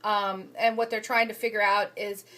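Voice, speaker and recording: Woman recapping her readings on a phone, halting, filler-heavy, mid-pitched. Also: little pitch movement, bright, forceful tone. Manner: hesitant, frequent ums and restarts. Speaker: human resources student reviewing journal articles. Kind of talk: casual spoken summary of readings. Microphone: phone camera.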